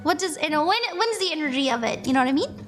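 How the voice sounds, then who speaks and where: A woman's voice: high-pitched, animated, rapid-fire, music in the background. A young woman doing a casual live-stream tarot reading, chatty and bubbly, laughing often and greeting viewers by name.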